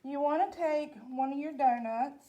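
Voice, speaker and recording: A woman's voice: high voice, normal speed, mellow, lo-fi sound. A woman in her forties with a Southern US accent, hosting a casual cooking demonstration in a chatty, folksy way. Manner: chatty, folksy, addresses viewers as y'all. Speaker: library program host.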